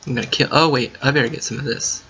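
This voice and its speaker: A man commenting while playing a game, thinking out loud and breaking into excited yelps and gasps. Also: mid-range voice, fast, creaky, slight background noise. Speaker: gaming video creator. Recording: muffled lo-fi mic with faint keyboard typing.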